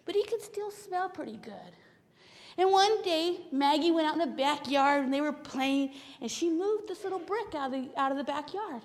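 A woman telling a Bible story to children in church, animated, with hushed whispers. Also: high-pitched, moderate pace. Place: church sanctuary. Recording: long hall reverb of a church.

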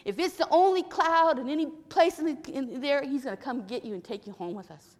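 A woman telling an expressive story to children during a church service. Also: high voice, fairly quick, in a large hall.

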